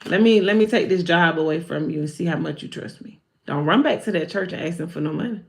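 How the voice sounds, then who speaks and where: A patient, testing God who speaks calmly and coaxes the listener along, as a woman puts him on in her own voice. He talks in an instructive, unhurried tone. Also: on the low side, gravelly, pitched below the performer's own voice.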